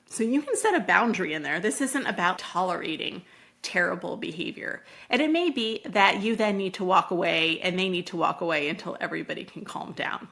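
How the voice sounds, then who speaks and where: A woman hosting a parenting talk, calmly explaining and acting out what a parent and child might say. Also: lowish voice, fairly quick, vocal fry. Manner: calm, explanatory, acts out parent and child quotes. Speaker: parenting podcast host.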